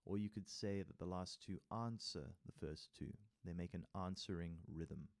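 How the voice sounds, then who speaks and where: A man's voice: deep voice, creaky, warm tone. A man teaching music theory, reading from a workbook with casual asides and counting rhythms aloud. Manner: reads text aloud, then adds casual asides and taps rhythms with sung syllables. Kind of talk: tutorial walkthrough reading from a workbook.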